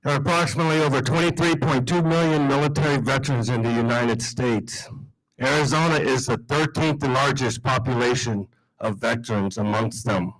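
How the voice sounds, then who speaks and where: A man, a veterans' group leader, giving a measured, earnest prepared speech at a breakfast event. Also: mid-range voice, a bit bright, poor audio.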